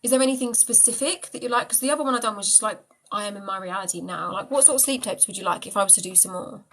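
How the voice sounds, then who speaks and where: This is a woman hosting a live stream where she answers viewers' questions about manifesting. Her voice is bright and forward, and she talks in a loose, chatty way, addressing commenters affectionately as she goes. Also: fairly high pitch, rapid-fire, low-quality recording. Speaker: manifestation coach. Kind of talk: casual live-stream chat.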